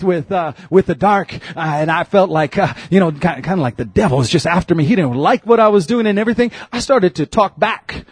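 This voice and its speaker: A man preaching a sermon, swinging from quiet storytelling to loud shouted exhortation. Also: high voice, animated, a little fast, few pauses, husky, no echo. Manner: preaching with rising shouts and laughs. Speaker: pastor.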